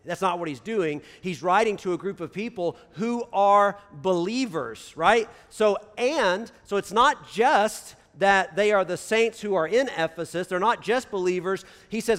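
Fast-talking pastor, high voice. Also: male voice, a bit bright. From United States. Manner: talks very fast, crams ideas together; casual, peppered with "right?". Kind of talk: conversational sermon. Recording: long reverb of a large hall.

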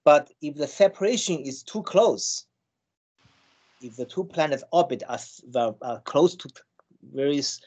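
Halting man explaining with many restarts. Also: fairly high pitch, animated, a little mellow, breathy edge. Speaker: scientist guest. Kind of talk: conversational explanation.

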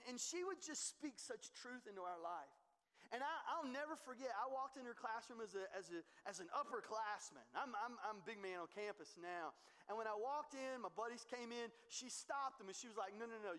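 A middle-aged man preaching a sermon as pastor, telling a personal story emphatically and stumbling over repeated words when excited. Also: very high-pitched. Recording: long hall reverb.

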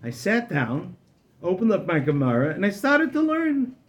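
A male rabbi telling a story aloud, swinging between loud and hushed passages. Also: high voice, wildly swooping pitch, moderate pace. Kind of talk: oral storytelling.

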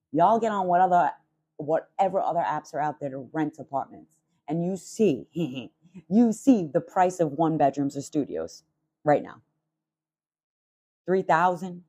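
A woman with a husky, fairly low voice rants on her podcast. She is fiery and sarcastic, swears at every turn, and her voice jumps high whenever she drives a point home. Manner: animated, leaps up in pitch for emphasis. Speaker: podcast host. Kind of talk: profane podcast rant.

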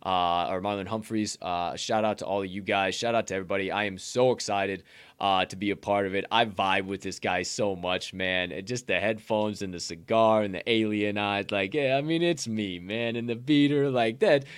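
A man's voice: on the low side, fairly even intonation, normal speed, smooth. A young man hosting a casual online stream, hyped up and preachy, swearing as he rants. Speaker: NFT content creator. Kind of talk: casual livestream promo rant.

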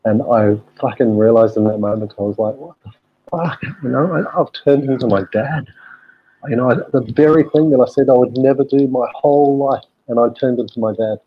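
A man's voice: medium pitch, fairly even intonation, brisk, husky, lo-fi sound. A middle-aged man, a guest telling his life story candidly, with frequent fillers and swearing. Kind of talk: personal storytelling.

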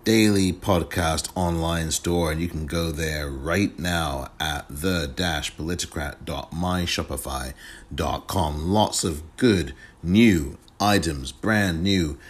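A man hosting a political commentary podcast, measured and rephrasing himself as he goes. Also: extremely low pitch. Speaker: podcast host.

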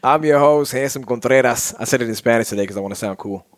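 A man's voice: mid-range voice, rapid-fire, dry recording, studio quality. A young man hosting a casual podcast, bantering and swearing with friends. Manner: joking, swearing, laid-back banter. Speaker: podcast host. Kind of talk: casual chat.

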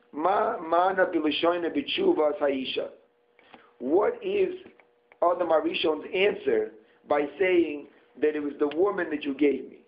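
Male Torah teacher, somewhat high voice, reads and translates phrase by phrase, phone-line sound. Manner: reads Hebrew text then translates phrase by phrase. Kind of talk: text study lesson.

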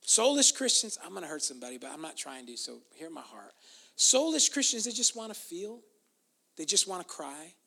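Animated, bright-voiced preacher. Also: mid-range voice, fairly quick, creaky. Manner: animated and emphatic, drops to soft asides. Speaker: pastor. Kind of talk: sermon.

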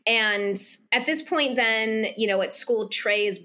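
A woman with a fairly high voice co-hosts a casual podcast, retelling scenes from a book and acting out the characters' lines. She talks loosely and laughs often. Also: slow pace, pushed and bright. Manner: recaps scenes with quoted dialogue, laughs often. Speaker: podcast co-host. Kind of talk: casual book-club chat.

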